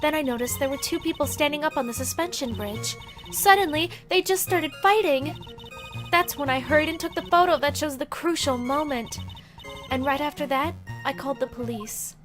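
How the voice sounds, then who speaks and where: A woman's voice: high voice, normal speed, natural voice. A woman voicing a timid young female college student witness, reading game dialogue in a hesitant, apologetic way. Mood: earnest. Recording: game music behind.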